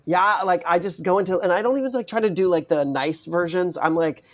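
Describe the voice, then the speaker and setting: A man's voice: high-pitched, a little fast. A man talking as a podcast guest in casual chat, rambling and making fun of himself. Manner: rambling, self-mocking storyteller.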